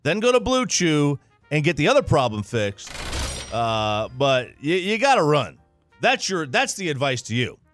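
A man's voice: on the high side, big pitch swings, moderate pace, a bit bright, soft background music. A man hosting a radio talk show, giving blunt joking advice in casual banter. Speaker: radio show host reading listener letters.

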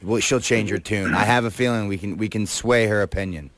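Persuasive male guest, low voice, assured delivery. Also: brisk, a bit bright, no echo. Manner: confident, persuasive. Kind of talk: casual radio chat.

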